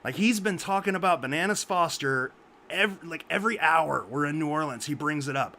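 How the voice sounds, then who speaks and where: Speaking a little high and a little fast, this memorial podcast co-host shares an amusing story over a group video call. He animates it by voicing what the other people said. Slight background noise can be heard.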